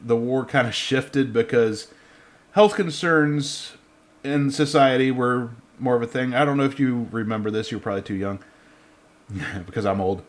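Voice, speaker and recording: A man in his thirties chats casually as a podcast co-host. He rambles, restarts his sentences and breaks into laughter often, at an everyday mid pitch. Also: moderate pace.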